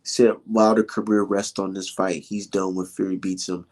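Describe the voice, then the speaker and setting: A man's voice: low voice, little pitch movement, normal speed, a little mellow. Heated, swearing man ranting about boxing. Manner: heated, swearing, full of rhetorical questions; laughs between points. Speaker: boxing commentator and vlogger. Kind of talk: casual ranting commentary.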